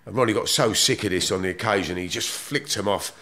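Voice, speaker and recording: Sweary London man, low voice. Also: fast, bright, forceful tone. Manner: blunt, sweary storytelling. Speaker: guest. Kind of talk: candid casual interview.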